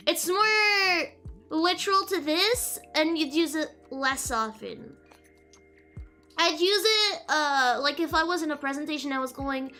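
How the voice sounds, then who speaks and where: A woman's voice: high-pitched, expressive, normal speed, sharp tone, faint music behind. A woman whose first language is French, giggling and playfully sidetracked as she teaches French on a casual live stream. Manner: giggly, playful, easily distracted.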